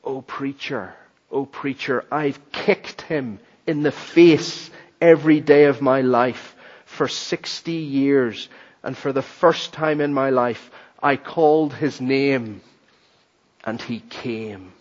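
A man voicing a frail, dying old barber who speaks in a weak, trembling, hushed voice, on a dull lo-fi recording. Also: fairly high pitch, fairly even intonation, unhurried. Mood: trembling, tearful.

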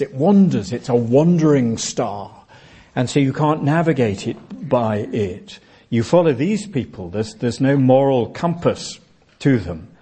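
A man preaches a sermon in a relaxed, conversational way. His voice is warm and dark, with a slightly husky edge. He sometimes acts out short everyday dialogues to make his point. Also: medium pitch. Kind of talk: expository sermon.

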